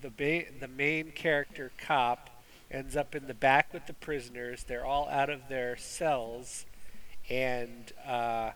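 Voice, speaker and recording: A man's voice: medium pitch, steady tone, takes it slowly, fairly bright tone, poor audio. A man hosting a casual movie review chat, rambling with fillers and restarts. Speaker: movie review podcast host.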